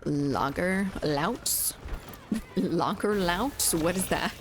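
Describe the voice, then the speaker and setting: Southern lady streamer, kinda low voice, cussing and laughing a lot while she games. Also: big pitch swings, very slow, slight background noise. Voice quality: laughs often and swears casually. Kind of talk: casual gaming livestream chat.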